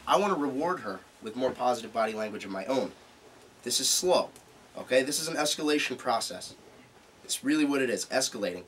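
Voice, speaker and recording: A man presenting a live seminar to a small group, animated as he demonstrates different speaking tones. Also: mid-range voice. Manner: animated, demonstrates vocal tones while explaining. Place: meeting room. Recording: distant mic with faint room noise.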